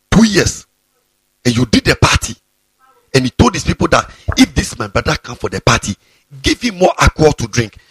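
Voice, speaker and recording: A man's voice: on the high side, sharp tone, husky, no room sound. A man, preaching a fiery, scolding sermon to students and often repeating himself. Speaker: pastor.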